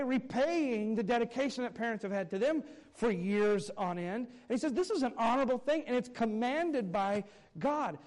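A man's voice: high-pitched, darkish tone. A man preaching a morning sermon as pastor, earnest and emphatic, with occasional wry asides.

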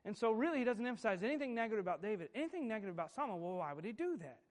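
Male pastor, high-pitched voice, emphatic sermon delivery with rhetorical questions. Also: very animated, racing.

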